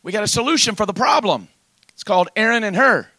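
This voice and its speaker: Male preacher, sermon delivery, emphatic rhythmic cadence, sharp voice. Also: high-pitched, expressive, fast, dry recording.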